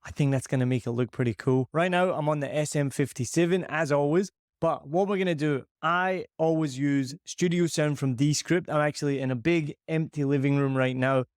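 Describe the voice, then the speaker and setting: Brisk and barely pausing, a Scottish podcast host with a smooth voice on the high side reviews a microphone in a chatty, upbeat, self-deprecating manner. The audio is studio quality with no room sound. He records on a boom-arm dynamic mic in a large, empty, shiny-surfaced living room.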